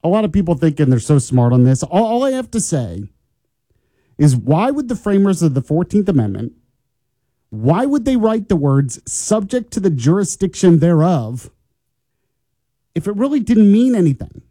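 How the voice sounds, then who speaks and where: A man's voice: high-pitched, sing-song, moderate pace, dark tone, dry recording. A man hosting a morning talk radio show, chatty and opinionated, teasing listeners and colleagues. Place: radio studio.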